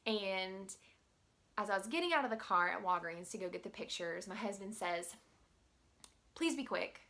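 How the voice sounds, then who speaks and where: A woman teacher telling a story to the camera in a chatty, animated way, full of filler words. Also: mid-range voice, normal speed.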